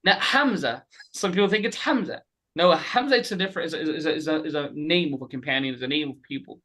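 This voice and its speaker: A man teaching an online group class, animated and repeating letters slowly for his students. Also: fairly high pitch. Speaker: Quran recitation teacher. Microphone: webcam.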